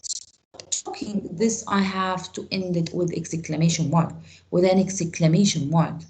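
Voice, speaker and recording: A woman's voice: fairly low pitch, steady tone, normal speed, a little mellow, poor audio. Egyptian-accented female teacher, online class over a call mic, patient explainer with frequent restarts. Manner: repeats words, restarts phrases while explaining. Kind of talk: online grammar lesson.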